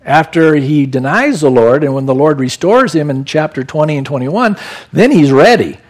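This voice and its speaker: A high-pitched man delivers a sermon from the pulpit. He reads scripture and explains it in an expressive way, raising his voice to act out the people in the story. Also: moderate pace. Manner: expressive, acts out quoted voices with raised pitch. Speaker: pastor.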